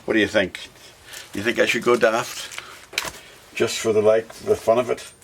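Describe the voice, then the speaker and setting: A man's voice: fairly low pitch, level tone, normal speed, gravelly. A man chatting casually to himself and the viewer while he works on a guitar, with sudden sing-song bursts. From Scotland. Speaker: hobby guitar builder. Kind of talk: casual workshop vlog talk. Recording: faint background noise and clicks.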